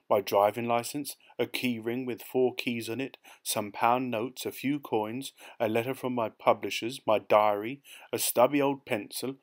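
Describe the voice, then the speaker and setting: A man reading a short story aloud as an audiobook narrator, in a measured, even manner. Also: medium pitch. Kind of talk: scripted narration.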